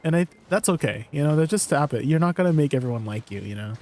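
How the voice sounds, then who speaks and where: A man's voice: a little high, expressive, fast talker, a little mellow, slight background noise. A man chatting casually with his stream viewers, rambling and laughing often. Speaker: livestreamer.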